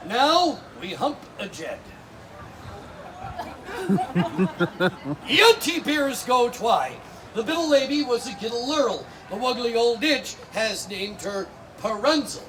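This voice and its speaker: Guy doing comedy storytelling at a fair, really high voice, loud crowd and noise around. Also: sing-song, slow pace, pauses often. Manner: rowdy, bantering with the audience. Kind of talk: live comedic storytelling with spoonerisms. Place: outdoor stage at a fair. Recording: live outdoor show with crowd noise.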